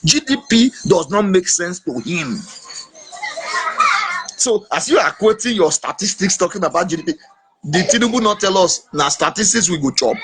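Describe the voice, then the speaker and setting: A man with a Nigerian accent in casual political chat, emphatic and animated, slipping into Pidgin. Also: high-pitched, normal speed, pauses often, background noise. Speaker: podcast host.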